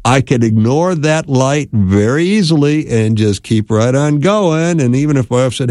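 A man's voice: medium pitch, animated, moderate pace, hardly any pauses, mellow, dry recording. Middle-aged radio guy giving marriage advice, chatty and folksy, keeps repeating words, dry studio sound. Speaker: radio host and marriage counselor. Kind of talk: casual radio talk.

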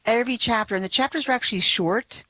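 A woman guest on a radio talk show, enthusiastic and quick to laugh. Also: a little high, fairly bright tone, dull audio, slight background noise. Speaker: guest, blog writer.

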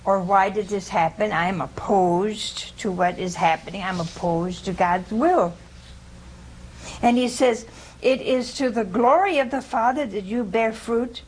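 A woman giving an informal scripture teaching to a small group, conversational and humorous, often pausing to ask her listeners "See?". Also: medium pitch, darkish tone, a little hiss or hum, rough recording. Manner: conversational, keeps asking "See?" and questioning listeners; homespun humor, laughs at her own jokes. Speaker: religious teacher.

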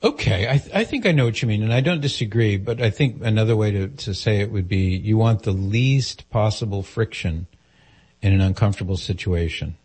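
Low, husky male advice host. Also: a little fast, a little mellow. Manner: direct, earnest, poses questions. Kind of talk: call-in advice talk.

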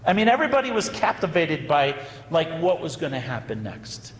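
A priest telling a story in a sermon, animated and anecdotal, with dramatic pauses. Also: male voice, fairly high pitch, a little hiss or hum. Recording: echoey hall with long reverb.

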